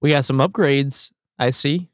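A man's voice: mid-range voice, unhurried, no room sound, studio quality. A young man, a student, co-hosting a podcast and chiming in with short remarks about football. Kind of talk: casual sports chat.

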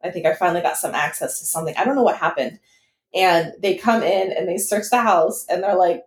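A young woman co-hosting a podcast, telling a story in casual chat, animated and swearing freely. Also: on the low side, a little fast, echoey room. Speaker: podcast co-host.

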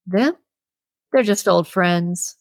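A woman voicing a lonely, awkward working man at a bar who stammers, in her own slow reading voice. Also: fairly low pitch, dry recording, clean studio sound. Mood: eager.

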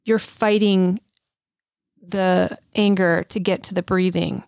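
Emphatic, gravelly middle-aged woman. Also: lowish voice, fairly even intonation, slow pace, darkish tone, no echo, clean studio sound. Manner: frank, emphatic, swears casually. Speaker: podcast co-host. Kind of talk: casual chat.

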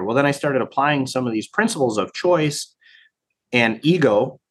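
Man, mid pitch, reflective, lots of fillers, interview guest. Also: expressive, moderate pace. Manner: reflective, many fillers and restarts. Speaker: guest, training program director. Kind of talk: casual conversation.

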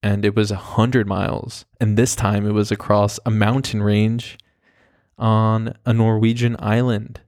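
A man's voice: lowish voice, flat delivery, measured pace, darkish tone, dry recording, studio quality. A young man hosting a podcast, telling a story casually with lots of fillers and swearing. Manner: rambling, profane, full of fillers like "like". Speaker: podcast host.

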